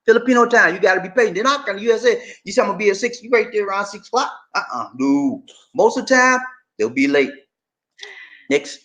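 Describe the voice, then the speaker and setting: A man's voice: high voice, animated, brisk, sharp tone. A middle-aged man co-hosting a casual live stream, reading viewer comments and talking straight to the audience in an emphatic, repetitive way.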